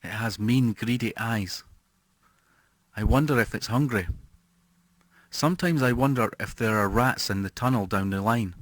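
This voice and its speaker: A man narrating a horror story as an audiobook reader, slow and brooding, dropping to a hush on key words. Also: on the low side, no room sound.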